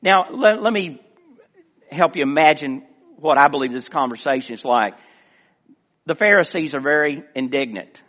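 A middle-aged man, a former pastor, preaching a sermon with earnest emphasis that swells and then drops to quiet asides. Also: fairly high pitch, animated, moderate pace, pauses often, highs cut off. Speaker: director of missions, former pastor. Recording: long hall reverb.

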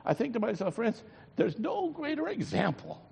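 A man's voice: extremely high pitch, very animated, normal speed, vocal fry, a little mellow, slightly rough. A man preaching a sermon as a pastor, moving between prayer and storytelling in a folksy, earnest way with frequent fillers. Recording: dull lo-fi recording in a long-echoing hall.

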